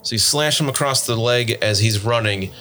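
A man narrating as game master of a tabletop game, relaxed and loose with plenty of fillers. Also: mid-range voice, moderate pace, soft background music.

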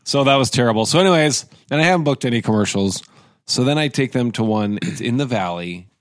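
A man's voice: medium pitch, fast talker, no echo, studio quality. A man, an actor, telling a long rambling anecdote in casual chat, full of restarts and asides, and acting out the voices of the people in it. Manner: animated, acts out quoted voices. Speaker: actor and guest.

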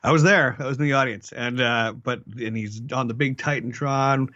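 A man's voice: mid-range voice, steady tone, normal speed, sharp tone, no echo, muffled recording. A man co-hosting a podcast in casual chat, laid-back and joking, rambling with fillers. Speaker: podcast co-host.

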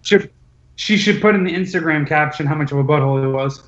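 A man with a voice on the higher side hosts a loose chat, tossing out teasing quips between laughs. The recording is muffled and echoes around the room. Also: fast talker. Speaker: podcast host. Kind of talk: casual chat.

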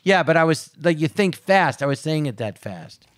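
A man with a slightly high voice tells quick, rambling stories in a casual chat, slipping into little impressions of the people in them. The sound is close and dry, with no room around it. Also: very animated, no echo. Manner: fast rambling, acts out voices. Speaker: podcast guest.

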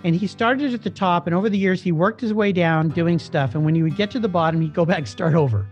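A middle-aged man, a guest, telling a personal story in a casual, animated way, acting out the voices of the people in it. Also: sits high, fast talker. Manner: animated, acts out quoted dialogue. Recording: slightly dull lo-fi recording with faint music.

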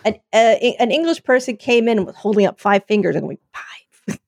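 A woman chats and jokes, playful and a little scattered, tripping over her words. Her voice sits a bit high and moves a lot. It sounds dry and close to the mic. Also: animated, fast talker, dry recording. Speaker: podcast co-host. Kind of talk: casual comedy chat.

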